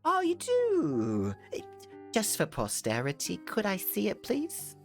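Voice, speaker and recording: A man's voice: sits high, huge pitch swings, slow pace, gravelly, soft background music, voice pushed up, heavily acted. A man putting on a doting old lady. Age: 70s figure. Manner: polite, doting, mock-British put-on accent. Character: kind, doting old woman with white hair.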